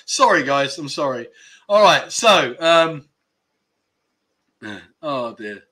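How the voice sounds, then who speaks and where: A man's voice: a little high, lively intonation, very slow, pauses often, pushed and bright. A man hosting a casual livestream, chatting and joking as he reads out viewer comments, often laughing at his own jokes. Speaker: livestream host.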